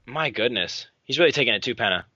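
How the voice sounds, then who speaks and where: Bright lively man with dull lo-fi sound. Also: mid-range voice, fast talker, dry recording. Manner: lively, playful, teasing. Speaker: podcast co-host. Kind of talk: casual live commentary chat.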